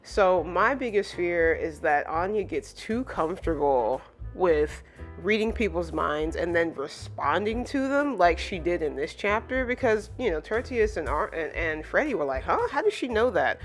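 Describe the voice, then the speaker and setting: A woman's voice: fairly low pitch, lively intonation, measured pace, soft background music. Chatty woman reviewing a manga chapter. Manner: chatty, full of "like" and "you know" fillers.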